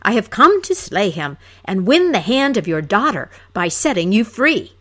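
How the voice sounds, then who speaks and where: A blustering young hero in tin armor bellows his demands in a raised, insistent voice, as a woman reader puts him on. His pompous claims rise and fall with lively swings of pitch. It is a storybook poem read aloud slowly. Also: exaggerated voice. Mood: demanding. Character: blustering boastful young male knight in clanking armor.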